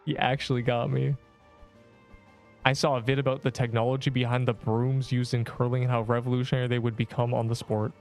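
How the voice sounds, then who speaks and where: A man's voice: medium pitch, little pitch movement, brisk, creaky, faint music behind. A young man streaming a game, joking and rambling as he teases the viewers in his chat. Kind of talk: casual gameplay livestream chat.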